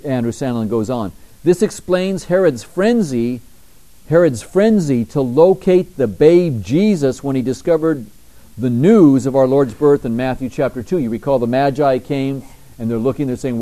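In a church, a male pastor with a warm, mellow tone gives a sermon, reading scripture slowly and forcefully and rising in pitch on key words. Between verses he slips into quieter, conversational asides. The recording is rough.

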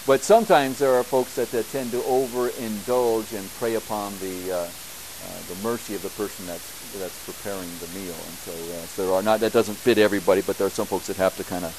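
A man preaching a church sermon, building to emphatic, repeated bursts and then dropping back to a quieter teaching tone. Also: lowish voice, steady tone, a little fast, noisy background. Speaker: pastor.

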